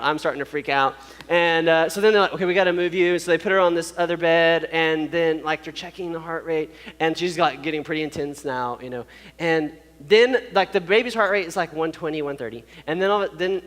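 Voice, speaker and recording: A man's voice: on the high side, fairly bright tone, in a large hall. A man telling a personal story to an audience, acting out sounds and quoted voices, with many fillers.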